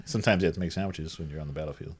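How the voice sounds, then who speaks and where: Podcast co-host, man, very deep voice, quick laid-back delivery. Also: a little mellow, husky. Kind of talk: casual comedic movie recap.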